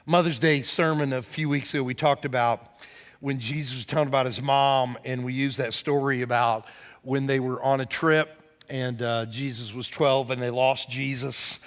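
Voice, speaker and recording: Animated man preaching in a reverberant hall. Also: mid-range voice. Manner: animated storytelling, rising to near shouts at emphasis. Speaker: pastor. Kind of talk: sermon. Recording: church hall with long reverb.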